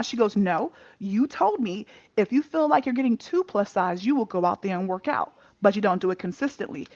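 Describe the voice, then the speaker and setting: Laughing, animated woman on a muffled call mic. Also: mid-range voice, fairly quick, hardly any pauses, dry recording. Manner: animated storytelling, laughs often, curses freely. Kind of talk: candid casual chat.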